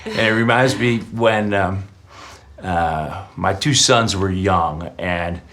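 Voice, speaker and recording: A man's voice: sits low, slow, fairly bright tone. A middle-aged man answering interview questions in a reflective way, sharing personal anecdotes. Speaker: interview guest.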